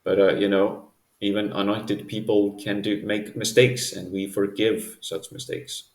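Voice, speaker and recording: A man co-hosting a casual religious discussion podcast, speaking haltingly with many fillers and restarts. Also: lowish voice, level tone, reverberant. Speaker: podcast co-host.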